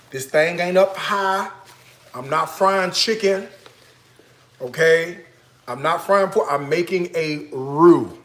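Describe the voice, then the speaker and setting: A man's voice: on the high side, takes it slowly, a bit bright, reverberant. A man from Chicago hosting a casual cooking show, chatting straight to his viewers in a playful, teasing way.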